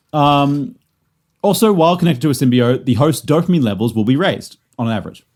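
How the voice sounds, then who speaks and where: Brief: man, co-host, rambling and joking, a bit higher voice. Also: lively intonation, normal speed, darkish tone. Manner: rambling, joking, stumbles over words. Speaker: podcast co-host presenting lore. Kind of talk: casual podcast chat.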